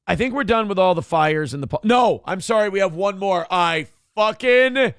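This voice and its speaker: A man's voice: sits high, clear, resonant tone, no echo, clean studio sound. A man hosting a morning talk show, ranting in a casual, profane, exasperated way.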